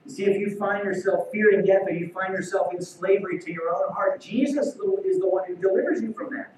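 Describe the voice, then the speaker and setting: A man's voice: high-pitched, a little fast, a little mellow, slight background noise. A man preaching a sermon as pastor, earnest and emphatic. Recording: very echoey hall, far from mic.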